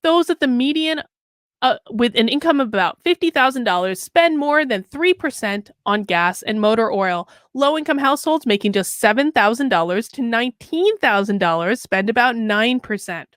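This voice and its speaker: A woman's voice: fairly high pitch, animated, normal speed, no room sound, clean studio sound. A woman hosting a political commentary show, reading an article aloud with sarcastic, mocking asides and chatty anecdotes.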